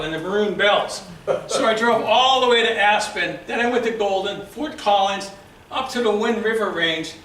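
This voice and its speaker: A man with a Boston accent giving a prepared storytelling speech at a club meeting, a lively storyteller who acts out shouted quotes. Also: high voice, a little hiss or hum. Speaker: club speaker. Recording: echoey room from far off.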